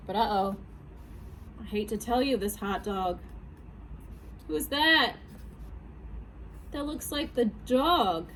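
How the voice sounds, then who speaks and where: A woman, a children's librarian, reading picture books aloud at a storytime, animated and asking her young listeners questions. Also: medium pitch, normal speed, long pauses, a little hiss or hum, rough recording.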